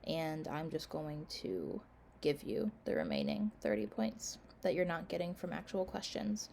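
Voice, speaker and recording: A woman's voice: lowish voice, expressive, a little slow, vocal fry, a little mellow, slight background noise. A woman instructor giving a class casual course announcements, full of "um" and "like", tired and yawning. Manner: casual, filler-heavy, frequent "um" and "like". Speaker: college instructor.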